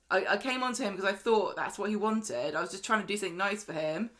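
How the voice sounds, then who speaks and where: A woman's voice: lowish voice, expressive, fast, hardly any pauses, a bit bright. A woman co-hosting a podcast, chatting casually as she reads out plot notes and laughs easily. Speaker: podcast co-host. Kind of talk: casual chat recapping episodes.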